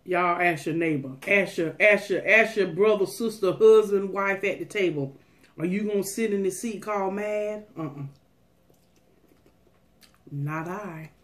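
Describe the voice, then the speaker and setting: A woman's voice: mid-range voice, unhurried. A woman food vlogger chatting casually to her viewers, folksy and preachy, giving them a pep talk.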